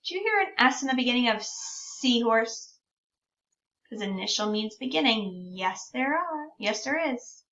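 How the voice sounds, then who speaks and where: A woman teaching a speech-sound lesson to young children, sounding out words slowly and drawing out sounds. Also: a little high, expressive, pushed and bright. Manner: slow, drawn-out sounding out of words. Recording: distant, dull lo-fi recording.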